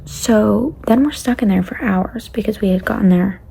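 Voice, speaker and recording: A young woman recounting a travel mishap in a casual storytime. Her voice is gravelly and husky with a mellow, dark tone. She rambles and often sinks into a breathy near-whisper. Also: mid-range voice, normal speed. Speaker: travel vlogger.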